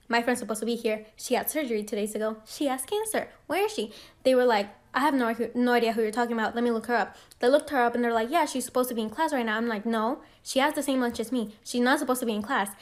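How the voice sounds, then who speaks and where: A woman's voice: fairly high pitch, fast. A woman telling a personal story casually, acting out the dialogue with animation. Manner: animated, acts out quoted dialogue.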